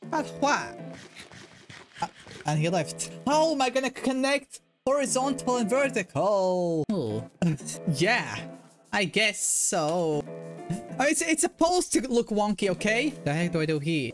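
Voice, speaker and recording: A man giving playful commentary while he plays, thinking aloud, getting excited and making silly sound effects. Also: sits high, unhurried, faint music behind. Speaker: Minecraft video creator.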